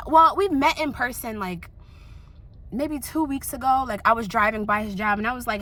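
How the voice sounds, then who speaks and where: A young woman vlogging in candid casual chat, animated and slangy, often laughing. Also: on the high side, normal speed.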